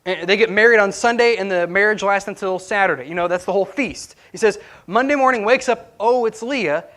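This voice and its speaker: A man's voice: high voice, a little fast, fairly bright tone. A man, a pastor, preaching a conversational sermon in church and asking the congregation questions as he goes.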